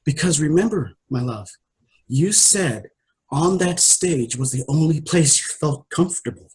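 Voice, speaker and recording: A man voicing a gentle, fatherly divine spirit that speaks softly and tenderly, reassuring the listener. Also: on the high side, lively intonation, measured pace, breathy edge, exaggerated voice, rough recording.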